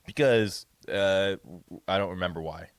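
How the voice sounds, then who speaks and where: Low-voiced profane young man telling a story. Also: measured pace, smooth, dry recording. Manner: profane, rambling, animated retelling. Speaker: podcast co-host. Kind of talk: casual storytelling.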